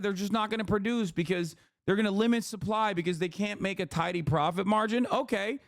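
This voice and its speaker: A man's voice: high voice, a little fast, creaky, hardly any pauses, dry recording, clean studio sound. Heated, profane male streamer. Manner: profane, heated, mocking, mimics opponents in a shouting voice. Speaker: streamer reacting to a clip. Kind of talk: casual political commentary stream.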